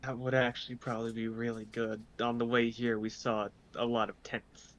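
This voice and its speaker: A man's voice: medium pitch, flat delivery, moderate pace, fairly bright tone, lo-fi sound. Casual man playing a tabletop game. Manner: casual, reactive. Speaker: player. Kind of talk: casual chat.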